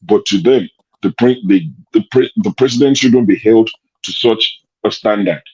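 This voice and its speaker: Man, Nigerian accent, dark mellow voice, argumentative host, lo-fi call sound. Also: fairly low pitch, normal speed, breathy edge. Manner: argumentative, rhetorical questions. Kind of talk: online discussion show.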